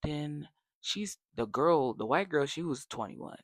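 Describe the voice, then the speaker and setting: A young adult man telling a casual storytime, animated and slangy, dropping to whispers for effect. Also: a little high, unhurried, no echo. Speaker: vlogger.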